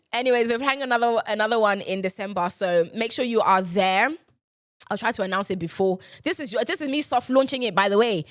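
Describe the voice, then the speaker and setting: A young woman hosting a casual solo podcast chat, sarcastic and animated, jumping from loud outbursts to low mutters. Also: fairly quick, no echo, studio quality. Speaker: podcast host.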